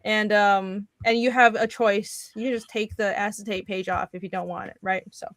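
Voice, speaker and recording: A woman's voice: medium pitch, fairly even intonation, moderate pace, a bit bright, no echo. A woman co-hosting a comics livestream, chatting casually in a rambling way that trails off and restarts. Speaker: co-host and comic artist.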